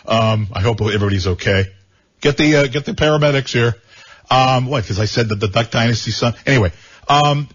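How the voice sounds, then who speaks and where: A man's voice: medium pitch, fairly bright tone, husky. A man hosting a talk radio show, joking and rambling with frequent stammered repeats. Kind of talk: casual talk radio banter. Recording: dull lo-fi radio sound.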